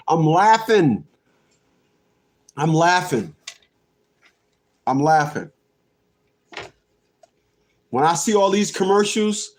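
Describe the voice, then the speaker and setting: A man's voice: high voice, expressive, a little slow, long pauses. A man in his fifties ranting on a livestream, laughing often, repeating himself and cursing. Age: 50s. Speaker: livestream host. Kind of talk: rambling livestream rant.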